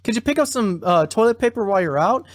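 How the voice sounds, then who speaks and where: A man co-hosting a podcast, casually recapping a story and quoting its characters in a flat, offhand way, swearing now and then. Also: high-pitched, fast talker, dry recording, studio quality. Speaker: podcast co-host.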